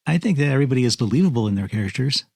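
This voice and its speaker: A man co-hosting a film podcast, talking in a measured, matter-of-fact way with dry humor. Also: mid-range voice, animated, creaky, darkish tone, breathy edge, no echo. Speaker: podcast co-host. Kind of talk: casual film review chat.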